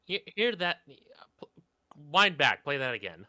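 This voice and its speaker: A man's voice: a little high, sing-song, moderate pace, pushed and bright. A man co-hosting a reaction commentary, ranting indignantly with plenty of swearing. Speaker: co-host.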